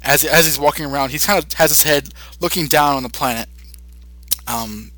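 Bright-voiced young man rambling a recap. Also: on the high side, moderate pace, no echo. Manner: rambling retelling with many fillers. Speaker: podcast host. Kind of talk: casual episode recap.

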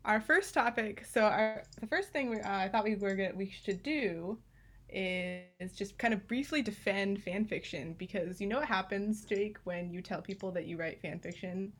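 A woman's voice: mid-range voice, moderate pace, a bit bright. A young woman co-hosts a podcast in easy, casual chat. She talks in a chatty way, laughs often, and restarts her sentences with plenty of likes along the way. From United States. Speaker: podcast co-host.

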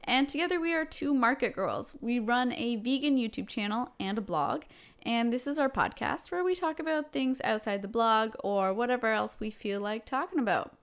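A young woman with a Canadian accent, chatting on a casual podcast. Her voice sits a little high, and she talks in an upbeat, chatty way with easy fillers. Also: normal speed, clean tone. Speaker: podcast co-host. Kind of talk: casual chat.

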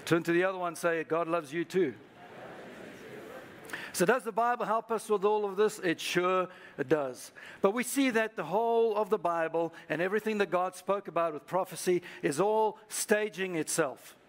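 A man's voice: high voice, moderate pace. A man preaching a sermon as pastor to a live congregation, prompting the listeners to repeat phrases back to each other. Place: church service.

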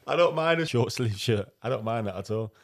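A man's voice: medium pitch, animated, a little fast. A young man, a goalkeeper coach, chatting casually on a podcast, laughing easily and rambling through his stories. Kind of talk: casual banter.

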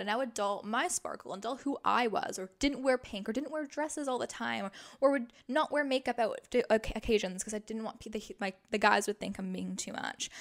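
A woman's voice: fairly high pitch, fairly bright tone. A young woman hosting a podcast, talking in a chatty, emphatic way, full of "like" fillers. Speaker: podcast host. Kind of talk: casual podcast monologue.

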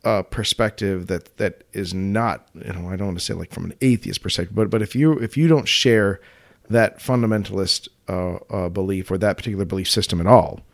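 A man co-hosting a podcast in casual chat, animated and quick to laugh, often restarting his sentences. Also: sits low, gravelly. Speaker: podcast co-host.

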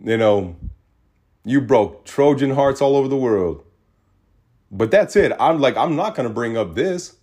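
A man hosting a podcast in a small studio, talking in an animated, ranting way that drops to low mutters. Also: measured pace, pauses often, slightly rough. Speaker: podcast host. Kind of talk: casual ranting monologue.

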